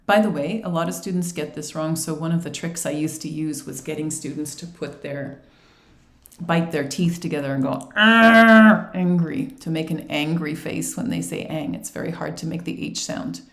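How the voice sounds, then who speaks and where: A woman giving an instructional presentation on feedback for language teaching, speaking clearly and patiently, acting out short teacher and student exchanges. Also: deep voice, steady tone, moderate pace, darkish tone, echoey room. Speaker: ESL teacher trainer.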